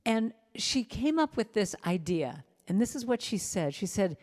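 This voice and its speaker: An animated woman speaker tells self-deprecating stories at a spiritual service. Her mid-pitched voice rings out with a long hall reverb trailing behind it. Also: normal speed, few pauses. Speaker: inspirational speaker and singer. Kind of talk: storytelling talk at a spiritual service.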